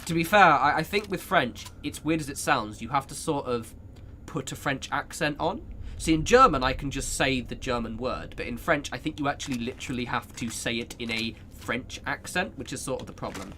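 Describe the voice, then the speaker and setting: A man's voice: medium pitch, lively intonation, fairly quick, sharp tone, slight background noise. A young man chatting casually with viewers while he plays a game, rambling, laughing and swearing as he goes. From United Kingdom. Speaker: streamer. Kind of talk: casual chat while gaming.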